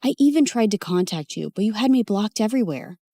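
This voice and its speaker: A woman voicing a young man in a cartoon story, speaking lower than her own voice. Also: animated, brisk, warm tone, no echo, clean studio sound. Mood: earnest. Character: protective young man, angry then tender.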